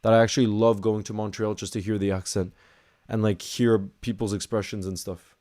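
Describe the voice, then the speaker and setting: A man's voice: on the low side, flat delivery, brisk, darkish tone. A man with a Northern Irish accent chatting casually through a live match watchalong, greeting viewers and answering their questions.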